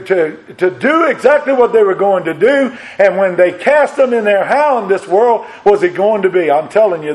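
A man preaching a sermon, emphatic, rising to loud peaks and repeating his phrases. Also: high voice, rough recording.

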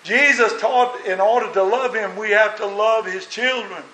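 A man's voice: sits high, steady tone, normal speed, sharp tone. A man preaching a sermon as a minister, earnest and full of rhetorical questions. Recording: roomy echo.

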